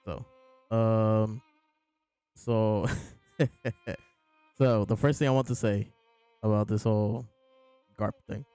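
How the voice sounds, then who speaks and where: A man's voice: fairly low pitch, fairly even intonation, takes it slowly, pauses often, mellow, clean tone, dry recording, soft background music. A man casually reviewing and discussing a comic chapter, rambling with many fillers and chuckles. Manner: laid-back, rambling, lots of fillers and laughs. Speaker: podcast host reviewing a manga chapter. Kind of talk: casual chat.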